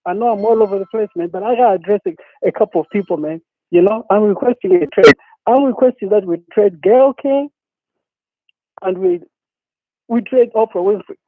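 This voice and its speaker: On a tinny phone line with no echo, a man whose voice sits high calls a talk show and rants a little fast. He's angry, swearing, and keeps repeating himself.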